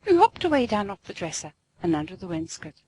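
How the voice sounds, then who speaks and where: A woman narrating a classic storybook aloud in an expressive, sing-song way. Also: medium pitch, quick pace, husky, rough recording.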